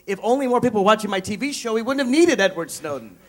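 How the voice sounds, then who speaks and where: Guy with a pretty high voice making a fast emphatic pitch at a candidate forum. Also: sing-song. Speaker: congressional candidate.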